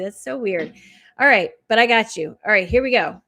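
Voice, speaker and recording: A woman hosting a live stream, giving spiritual oracle card readings and chatting with viewers in a fast, soothing way. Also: mid-range voice, sharp tone. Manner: talks fast. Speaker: intuitive reader and coach, live stream host.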